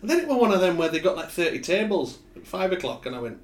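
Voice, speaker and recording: A man's voice: high-pitched, big pitch swings, rapid-fire, hardly any pauses, a little hiss or hum. Man telling stories in an echoey room. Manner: storytelling, swears, laughs often. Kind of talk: casual chat.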